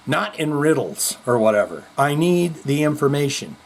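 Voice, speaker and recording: A man's voice: a little high, big pitch swings, moderate pace, hardly any pauses. A male show host telling jokes and rambling through a casual, profane comedy monologue. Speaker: podcast host.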